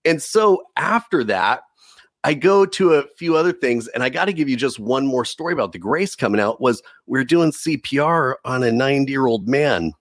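A man's voice: medium pitch, expressive, moderate pace, no room sound, studio quality. A man giving an earnest, emotional faith testimony as a podcast guest, often saying "dude". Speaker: preacher.

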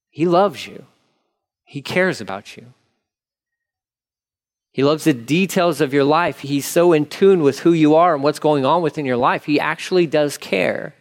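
A man preaching a sermon in a candid, conversational way, acting out prayers as he talks. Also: on the high side. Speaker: pastor.

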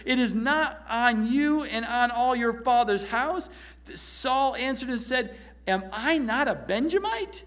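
Pastor type, male, fairly high voice, lively sermon delivery with bursts of laughter. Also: a little slow. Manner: animated, laughing, acting out scripture voices.

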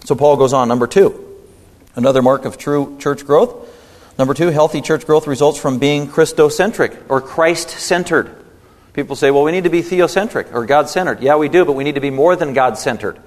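Male pastor, emphatic sermon delivery, somewhat high voice, long church reverb. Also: moderate pace. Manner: emphatic, with rhetorical tag questions. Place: church sanctuary.

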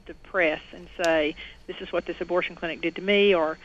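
A woman's voice: on the low side, fairly even intonation, a little fast. A middle-aged woman, a guest on an interview show, earnestly telling a personal story and quoting others. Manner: earnest testimony, quotes others in raised voice. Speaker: guest, former clinic owner. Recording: dull lo-fi audio with faint noise.

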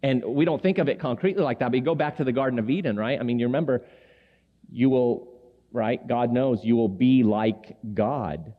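A Lebanese-born man in his forties, speaking a little fast in a mid-range voice, gives a storytelling sermon at a men's gathering. He's chatty and humorous, acting out the people in his stories. The recording has an echoey hall and dull lo-fi sound.

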